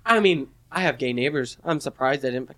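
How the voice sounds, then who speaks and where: A man's voice: mid-range voice, lively intonation, a little fast, a bit bright. A man telling a story with lots of laughter in a casual chat.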